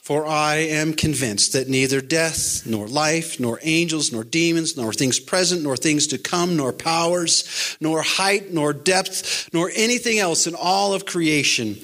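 A man's voice: a little high, measured pace, sharp tone. A man delivering an earnest, encouraging sermon as a pastor, quoting scripture along the way. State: pandemic-era address.

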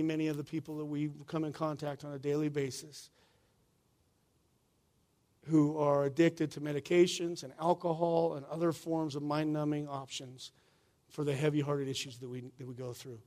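A man's voice: fairly high pitch, a little mellow. A male pastor, preaching a sermon in a conversational way, often asking "right?" and calling the room "y'all".

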